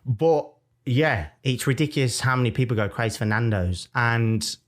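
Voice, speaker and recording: A young man with a Birmingham accent, co-hosting a podcast in casual chat, animated and jokey as he tells stories. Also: medium pitch, moderate pace. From Birmingham, England. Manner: animated, jokey storytelling with mock-defiant asides. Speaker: podcast co-host.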